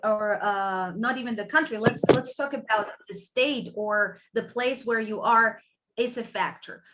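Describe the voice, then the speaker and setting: Casting: female english teacher from spain, slow deliberate delivery, bright, chatty, keeps asking "okay?". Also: fairly high pitch, slight background noise. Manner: chatty, checks in with students often. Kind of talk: online class lecture.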